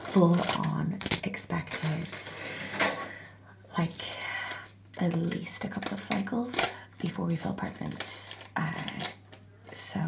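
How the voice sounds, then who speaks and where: A woman's voice: on the low side, vocal fry. A woman talking candidly to her camera in a casual personal vlog, often dropping to a whisper, with a morning voice. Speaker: vlogger and mother of three.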